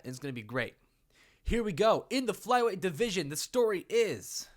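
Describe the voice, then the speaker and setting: A man's voice: a little high, fairly bright tone. A young man talking casually and playfully in an unscripted commentary, laughing often. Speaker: YouTuber.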